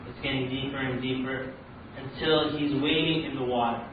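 A man's voice: medium pitch, normal speed, background noise. A man from Canada giving a religious talk, telling a story and acting out its characters. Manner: animated, voices the characters in his story. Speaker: speaker. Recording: roomy lo-fi sound from far off.

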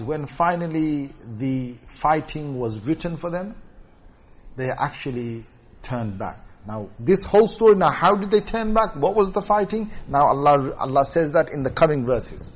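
A man's voice: fairly high pitch, lively intonation, fast, breathy edge. A man teaching a scripture commentary lesson in an explanatory way, often checking in with his listeners. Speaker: religious teacher.

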